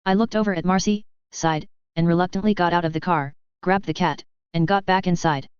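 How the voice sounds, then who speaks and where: An audiobook narrator reading fanfiction in an even, measured way. The voice is very smooth and clean, recorded dry with no room sound, and the audio is a little dull and lo-fi. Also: mid-range voice, no echo.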